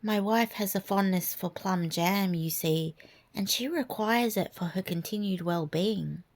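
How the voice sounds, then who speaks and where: A woman's voice: mid-range voice, a little slow, natural voice. Woman doing a stuttering nervous husband. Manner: stuttering, apologetic.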